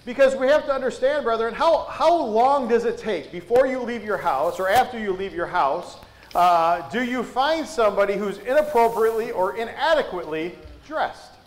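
Preacher, male, very high voice, folksy conversational sermon with rhetorical questions. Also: lively intonation, moderate pace, roomy sound, low-quality recording.

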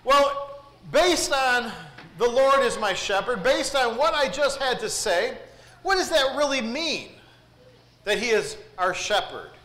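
A man's voice: very high-pitched, animated, a little slow, sharp tone, reverberant. A man preaching a sermon in church, earnest and asking the congregation questions. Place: church sanctuary.

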